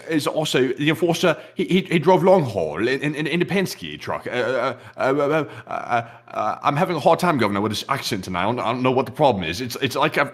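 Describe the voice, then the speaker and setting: A man voicing a male marmot in a faltering mock British manner, stammering and calling the listener "Governor". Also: medium pitch.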